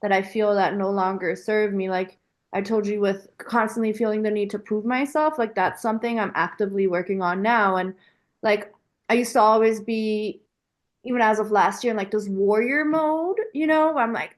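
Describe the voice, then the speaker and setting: A woman's voice: mid-range voice, normal speed. A woman guest on a podcast, talking casually and animatedly with lots of filler words. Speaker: podcast guest, business founder. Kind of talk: casual conversational interview.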